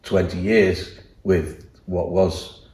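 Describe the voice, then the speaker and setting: A man's voice: low voice, level tone, extremely slow, darkish tone. A man being interviewed as a guest, speaking plainly and steadily with some hesitant fillers. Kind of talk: casual interview. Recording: roomy echo.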